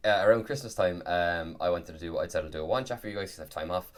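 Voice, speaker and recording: Deep-voiced man in rambling chat. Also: fast talker. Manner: rambling, restarts sentences often. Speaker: podcast co-host and game master. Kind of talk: casual chat.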